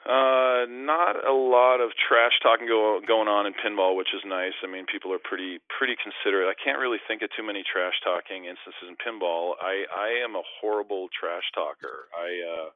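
A man's voice: on the low side, steady tone, normal speed, hardly any pauses, dry recording. A man, a former pro basketball player, telling rambling, self-deprecating stories in a casual call. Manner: self-deprecating, rambling anecdotes with many restarts. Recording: tinny phone-line audio, dry.

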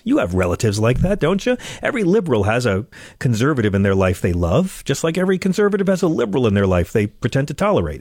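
A man's voice: mid-range voice, huge pitch swings, fast talker, darkish tone, slightly rough, no room sound, studio quality. A man hosting a comedic political monologue, sarcastic and ranting, stammering as he gets worked up. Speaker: show host.

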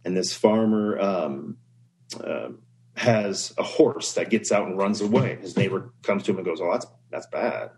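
A man's voice: low voice, measured pace, a little mellow, rough recording. A man speaking as a podcast guest in casual conversation, reflective and earnest, often telling stories.

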